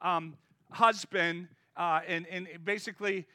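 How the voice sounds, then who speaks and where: A man preaching an energetic, conversational sermon and urging his listeners on. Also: high voice, unhurried, no room sound, studio quality. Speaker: pastor.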